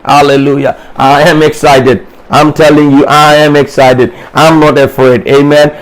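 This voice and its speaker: A man's voice: fairly high pitch, rough recording. A man preaching a sermon as a pastor, fervent and repetitive, calling on listeners to answer him. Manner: fervent, repetitive, calls for responses.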